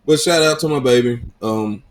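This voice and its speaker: A man in his thirties talks alone into his podcast mic, loose and unscripted. He swears freely and jokes his way through family stories, his voice sitting at an ordinary middle pitch. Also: normal speed. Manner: profane, joking, storytelling. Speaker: podcast host. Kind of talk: casual solo podcast chat.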